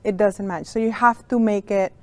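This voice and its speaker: A woman's voice: mid-range voice, steady tone, normal speed, darkish tone, no room sound. A woman who works as a sign language interpreter, patiently teaching a beginner lesson to young students step by step.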